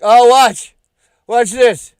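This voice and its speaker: Slow, jeering man hosting a livestream. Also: very high voice, fairly even intonation, smooth, no echo, studio quality. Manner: jeering, laughs often, profane. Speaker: livestream host reacting to clips. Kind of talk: mocking reaction commentary.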